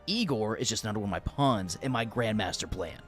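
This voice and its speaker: A man voicing a tall, hot-tempered male crime syndicate boss who talks in a blustering, commanding way and slows down for emphasis. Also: on the low side, expressive, faint music behind, lightly acted.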